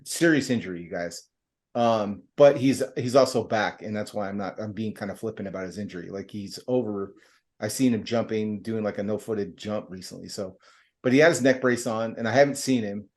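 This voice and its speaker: A man's voice: lowish voice, brisk, a little mellow. A middle-aged man hosting a podcast, chatting casually and telling a rambling story full of fillers and slang. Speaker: podcast host.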